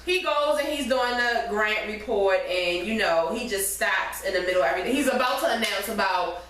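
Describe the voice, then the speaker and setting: Brief: casual woman podcaster, mid-pitched, in an echoey room away from the mic. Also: brisk. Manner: animated, swearing, retelling scenes in quoted voices. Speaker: podcast co-host recapping a TV episode. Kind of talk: casual chat. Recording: echoey room, far from the mic, faint noise.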